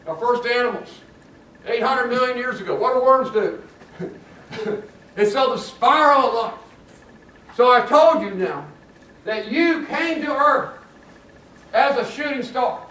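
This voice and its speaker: High-voiced man lecturing in an echoey room. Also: slight background noise. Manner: lively, jokey, laughs at his own jokes. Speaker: geology lecturer. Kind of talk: classroom lecture. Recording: echoey classroom recording from far off.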